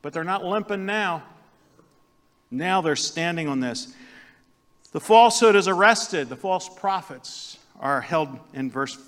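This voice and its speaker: A man delivering a lively sermon with a fairly high, bright voice. He acts out the prophet's lines with sudden loud jumps. The sound hangs in a long hall reverb. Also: a little slow. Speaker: preacher.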